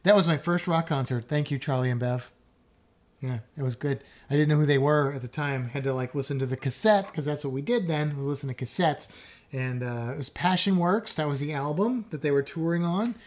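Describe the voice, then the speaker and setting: A woman's voice: low voice, a little fast, darkish tone. A woman co-hosting a podcast in casual, rambling, self-deprecating chat. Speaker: podcast co-host.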